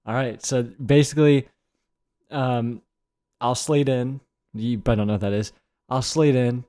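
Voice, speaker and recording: A man's voice: mid-range voice, steady tone, moderate pace, warm tone. Man, late twenties, from Texas, podcast co-host, playful, mock-serious. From Texas, USA. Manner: playful, mock-serious, keeps a straight face. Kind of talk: casual comedic podcast chat.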